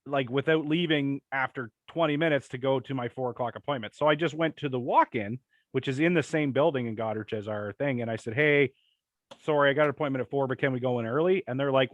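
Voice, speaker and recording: A young man co-hosting a podcast, telling rambling crude stories and doing quick impressions in casual comedic chat. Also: medium pitch, dry recording, lo-fi sound. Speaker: podcast co-host.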